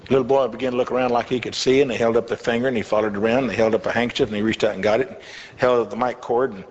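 A man's voice: mid-range voice, steady tone, very fast. An older man, a pastor, telling a folksy testimony in a sermon with chuckling asides. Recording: echoey hall, slightly dull with faint hiss.

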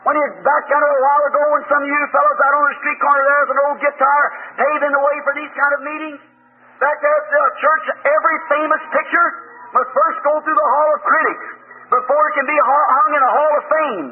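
A man preaching a revival sermon, telling the story in a folksy way and breaking into shouted hallelujahs. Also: very high voice, fairly even intonation, a little fast. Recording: tinny old lo-fi tape, faint hiss.

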